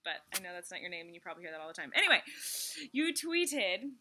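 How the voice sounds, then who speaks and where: A woman's voice: on the low side, big pitch swings, quick pace, pushed and bright. A woman in her twenties chatting in a bubbly, giggly way on her daily vlog. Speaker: vlogger. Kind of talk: casual vlog chat.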